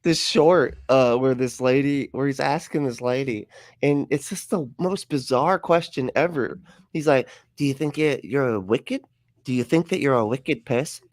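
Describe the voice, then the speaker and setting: A man hosting a casual livestream chat, talking quickly and with energy, laughing and swearing often and jumping into mocking voices when he quotes people. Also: medium pitch, no room sound. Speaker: livestream host.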